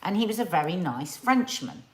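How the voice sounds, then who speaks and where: A woman's voice: fairly low pitch, sing-song, moderate pace. A middle-aged English woman with an English accent, co-hosting a casual chat, telling a story and playfully scolding her partner. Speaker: co-host. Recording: roomy echo, faint noise.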